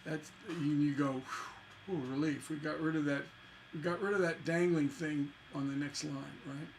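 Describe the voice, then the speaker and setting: Guy teaching songwriting on a stream, kinda high voice, talks loose and scats da da da beats. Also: steady tone, moderate pace, slight background noise. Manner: chatty, scats rhythms with "da da da". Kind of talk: livestreamed songwriting lesson.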